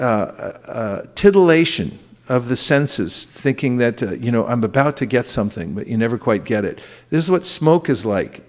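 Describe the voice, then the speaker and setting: Halting male lecturer in a reverberant hall. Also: mid-range voice. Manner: relaxed, halting delivery with many fillers, quotes Sanskrit verses. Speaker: guest speaker at a temple class. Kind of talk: scripture class lecture. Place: temple hall.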